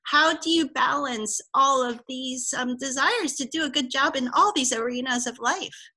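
A woman podcast host asking a considered question and stressing the items in a list. Her voice is high and bright. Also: moderate pace, rough recording. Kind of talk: podcast interview.

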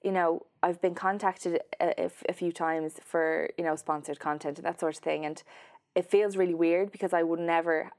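Woman, journalist guest, casual and hesitant, slightly low voice. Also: steady tone, moderate pace, darkish tone. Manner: chatty, hesitant, many fillers and restarts. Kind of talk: casual interview chat.

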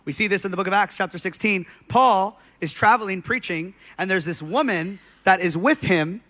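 A male pastor delivers a sermon in a slightly higher-than-usual voice. He tells stories conversationally, with plenty of fillers and loose asides. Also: moderate pace, pushed and bright. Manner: conversational preaching, storytelling with many fillers.

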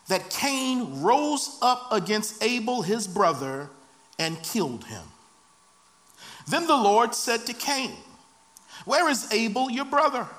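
A man's voice: high voice, fairly bright tone. A man preaching a sermon, reading scripture and rising into impassioned, dramatic cries.

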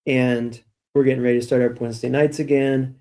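A man co-hosting a church podcast, telling stories in a relaxed, chatty way. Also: mid-range voice, brisk. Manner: chatty, storytelling, light laughs. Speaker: church staff podcast co-host. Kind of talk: casual church podcast chat.

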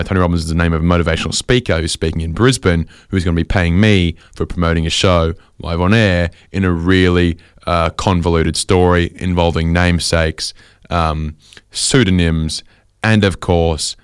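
Low-voiced man telling a rambling comic story. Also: moderate pace, smooth, no echo, studio quality. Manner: rambling, self-correcting, animated asides.

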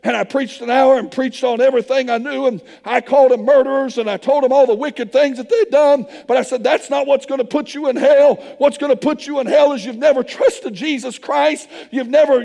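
An older man, preaching a sermon and telling a missionary story with passion, shouting at the high points. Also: steady tone, a little fast, creaky, hardly any pauses. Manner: impassioned, shouting at peaks, hushed in the retold confrontation. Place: church sanctuary. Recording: long hall reverb.

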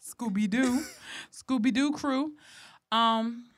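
A woman's voice: fairly high pitch, takes it slowly. A young woman co-hosting a podcast in casual chat, blunt and slangy, often laughing. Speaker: podcast co-host.

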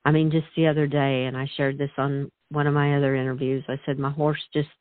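A woman hosting a casual interview, gushing with praise and laughing softly, heard over call audio. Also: extremely low pitch, little pitch movement, fast talker, no room sound. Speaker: interview host. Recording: tinny phone-like call audio, dry.

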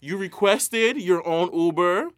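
A man's voice: high-pitched, takes it slowly. A young man, ranting casually and profanely as a podcast co-host, with mocking impressions. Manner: animated, profane, mocking impressions, frequent laughs. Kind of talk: casual rant.

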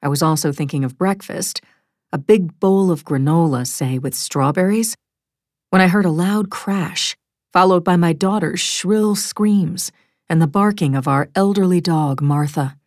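A woman reading a first-person thriller audiobook in a measured, wry storytelling manner, close to a studio mic. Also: fairly low pitch, a little mellow, no room sound. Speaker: audiobook narrator.

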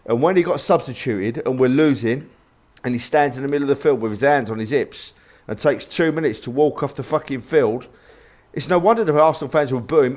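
A man, co-hosting a casual podcast chat, blunt and swearing as he works himself up into angry rants. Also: medium pitch. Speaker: podcast co-host.

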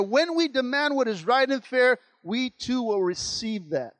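High-voiced preaching pastor, dry and close. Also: male voice, lively intonation, unhurried, few pauses, fairly bright tone, dry recording. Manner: preaching with call-outs and repetition. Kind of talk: sermon.

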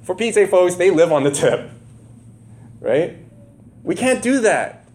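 A man's voice: sits high, big pitch swings, unhurried, a little mellow. A man preaching a conversational sermon, firing rhetorical questions at his congregation and building to emphatic, impassioned stretches. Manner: emphatic, rising to impassioned bursts. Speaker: pastor.

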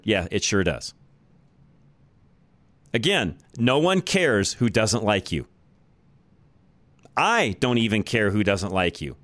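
Recorded dry on a studio mic, this American man hosts a talk radio show in a fairly low, somewhat bright voice. His monologue is blunt and opinionated, and he hammers his points by repeating them.

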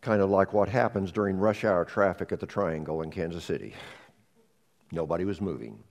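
A man preaching a sermon as pastor, moving between dramatic rises and hushed near-whispers, often repeating the first words of a phrase. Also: sits low, brisk, gravelly, dull audio.

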